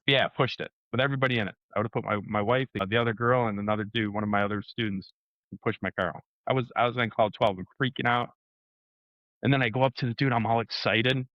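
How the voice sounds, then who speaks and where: Guy telling a story all fired up, bam and boom noises, kinda muffled lo-fi mic, dry. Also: fast, no room sound. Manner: excitable, with sound effects and acted-out dialogue. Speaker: co-host and martial arts competitor. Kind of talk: animated casual storytelling.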